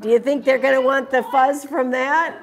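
A woman reading a picture book aloud to children in an animated way, stopping to ask them questions. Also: sits high, normal speed, a crowd in the background. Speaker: storytime reader.

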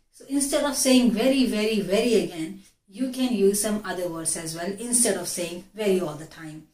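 A woman with an Indian English accent teaches an English vocabulary lesson, repeating each key word. Her voice sits at an ordinary middle pitch. The room around her gives a clear echo. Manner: explains slowly, repeating key words. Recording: echoey room.

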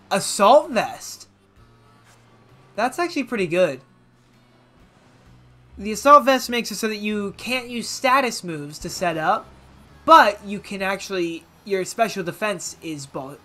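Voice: medium pitch, expressive, a little slow, long pauses, fairly bright tone, soft background music. A let's play commentator giving casual gameplay commentary, rambling and self-mocking with jokey asides.

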